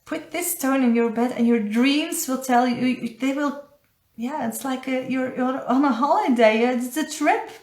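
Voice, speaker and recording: Dutch-accented woman doing a live card reading, slowish, kinda high voice, stops to hunt for english words, echoey room. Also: darkish tone. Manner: halting, searching for English words. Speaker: spiritual coach. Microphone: phone or webcam on a live stream.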